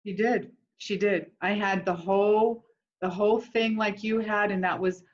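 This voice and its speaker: A woman's voice: mid-range voice, fairly even intonation, a little slow. Woman guest telling old memories, earnest, laughs a lot, kinda muffled audio. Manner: earnest, laughs warmly while sharing memories. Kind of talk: candid conversational chat.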